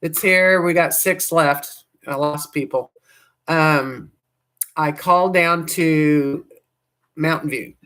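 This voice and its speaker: A woman hosts a casual livestream, chatting to viewers in a loose, rambling way. Her voice sounds hoarse, and her sentences often trail off and restart. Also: deep voice, takes it slowly, a bit bright. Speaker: livestream host.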